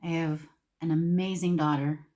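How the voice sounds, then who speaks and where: A middle-aged woman with a somewhat low voice rambles through a personal story, talking straight to camera. Her delivery is casual and conversational, circling back on her own words as she goes. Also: level tone, normal speed, dark tone. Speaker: beauty vlogger.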